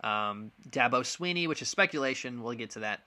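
Young male sports podcast host, bright voice, blunt and frustrated, loose casual delivery. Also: medium pitch, expressive, fairly quick. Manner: frank, frustrated, many ums and restarts. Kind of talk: casual opinion monologue.

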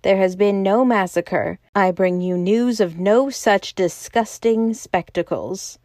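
A woman's voice: medium pitch, slow, darkish tone, dry recording, clean studio sound, close to an everyday voice. A woman reading the lines of an indignant male secretary who speaks sternly and breaks in savagely.

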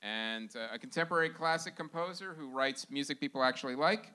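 A man hosting a podcast live, reading sponsor shout-outs in a loose, laughing, informal way. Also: medium pitch, brisk, clean tone. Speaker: podcast host. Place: live show venue.

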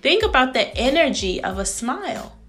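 A woman in her thirties hosting a faith-based business podcast, speaking in a lively, preachy way and calling her listeners sis. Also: high voice, normal speed, faint music behind. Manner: animated, frequent laughs, acts out greetings. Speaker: podcast host.

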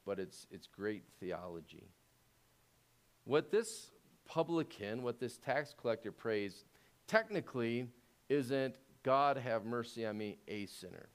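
A man preaching a sermon as pastor, talking conversationally and asking the congregation rhetorical questions, growing louder when he presses a point. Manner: grows louder and higher when making a point.

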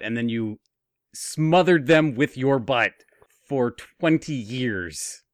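A man's voice: medium pitch, lively intonation, slow, no echo. A man co-hosting a comedy podcast, tossing in dry, absurd one-liners and jokes. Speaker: podcast co-host. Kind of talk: comedic banter.

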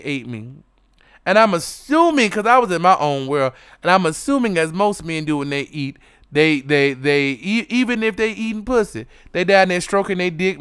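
A man with a high, smooth voice tells a story in a flamboyant, theatrical way, breaking now and then into loud cries. His voice is recorded dry and close, with no room sound. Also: dry recording. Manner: flamboyant, dramatic, animated storytelling with sudden loud exclamations. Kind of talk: explicit storytelling monologue.

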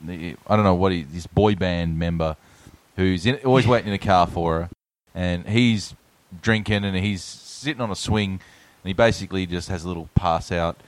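A man's voice: sits low, moderate pace, few pauses, dry recording. A man recapping a film in casual chat, hesitating and laughing as he tells it. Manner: laughs through his storytelling, hesitant. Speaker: podcast co-host.

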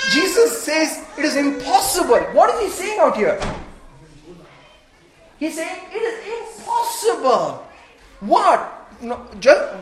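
A woman preaching a sermon, animated and full of rhetorical questions, laughing between phrases. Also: sits high, noisy background. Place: church hall. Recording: echoey room.

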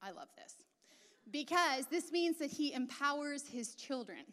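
A woman with a high, animated, somewhat bright voice preaches a little slowly in a chatty, casual style, full of asides and filler words. The long reverb of a large hall surrounds her.

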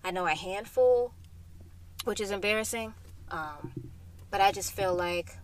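A woman's voice: medium pitch, a little slow, pauses often, slight background noise. Young adult woman, solo podcast host, frank and profane rant, recorded in a car. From Florida. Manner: profane, blunt and heated. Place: inside a hot parked car.

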